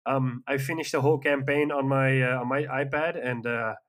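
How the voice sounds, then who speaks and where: Chatty mid-pitched man, rambling and keen. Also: steady tone, moderate pace, a bit bright. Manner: rambling and enthusiastic, with frequent fillers. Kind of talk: casual chat.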